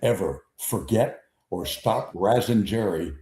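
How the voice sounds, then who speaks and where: An older man hosting a sports talk show, telling stories in an animated, casual way and acting out quotes. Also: lowish voice, slow pace. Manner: animated raconteur, acts out quotes. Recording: echoey room.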